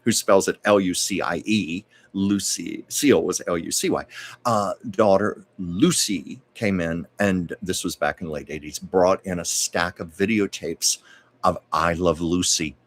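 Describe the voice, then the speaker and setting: A man with a very deep voice hosts a live-streamed chat. He recounts anecdotes conversationally, adding asides and corrections as he goes. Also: a little slow. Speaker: host. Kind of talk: storytelling livestream chat.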